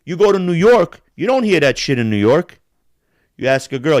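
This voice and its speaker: A man's voice: fairly high pitch, sing-song, moderate pace, no room sound, studio quality. A man ranting on a casual podcast, heated and profane, mimicking accents to make his point. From Balkans. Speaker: podcast host.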